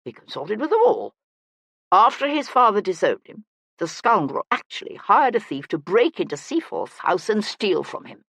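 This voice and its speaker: A man's voice: high voice, big pitch swings, moderate pace, vocal fry, a bit bright, no room sound, clean studio sound, pitched above the performer's own voice, full character voice. A narrator voicing Brownbeck, a stout, self-important older male banker who blusters and moralizes, in an audiobook. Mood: pompous. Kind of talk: audiobook character voice.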